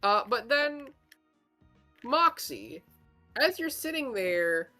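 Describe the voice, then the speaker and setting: Woman GM, bright, animated, unhurried narration. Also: high-pitched, soft background music. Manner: lively, halting, fillers. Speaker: game master. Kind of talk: narrating a tabletop game.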